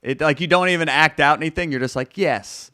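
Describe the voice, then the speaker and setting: Upbeat host on a dry mic. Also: male voice, fairly high pitch, fast, pushed and bright, clear, resonant tone, dry recording. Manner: upbeat, enthusiastic and chatty. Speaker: podcast host. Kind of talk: casual video-call interview. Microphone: video call.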